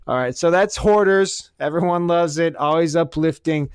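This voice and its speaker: A foul-mouthed man riffs sarcastically through a comedic rant. His voice is smooth and sits a bit high. The recording is dry and close, with no room sound. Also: normal speed, few pauses, no echo. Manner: crude, sarcastic, swears constantly. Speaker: podcast host.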